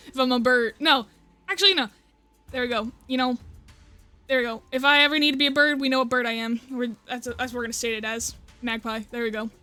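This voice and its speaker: A chatty woman streamer talks casually over a game with a fairly high voice. She swears freely and keeps joking about herself and laughing. Faint music plays under her talk. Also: a little fast, pauses often, bright, forceful tone. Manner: chatty and self-mocking, swears often, laughs a lot. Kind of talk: casual game stream commentary, reading story text aloud.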